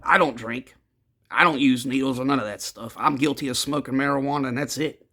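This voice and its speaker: Addressing his audience as gentlemen, this man recounts his own story in a loose, blunt, rambling way, cursing without restraint. He speaks briskly at a medium pitch.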